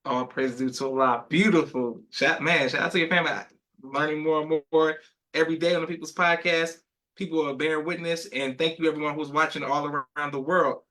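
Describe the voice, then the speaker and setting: A man's voice: on the high side, sharp tone. A man hosting a live podcast, affirming his guest and reading viewer comments aloud in an upbeat manner. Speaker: podcast host.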